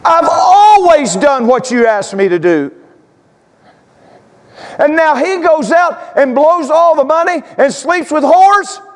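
A man's voice: extremely high pitch, normal speed, hardly any pauses, big-room sound, pitched above the performer's own voice. A man preaching, voicing a resentful, dutiful older son who pleads his grievances to his father. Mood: exasperated. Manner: indignant, pleading complaint.

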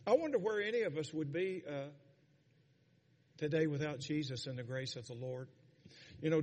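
A man preaching a sermon as pastor, calling on the congregation to answer back. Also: medium pitch. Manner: rising to fervent shouting, calls for congregation responses. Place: church sanctuary. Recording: long church hall reverb.

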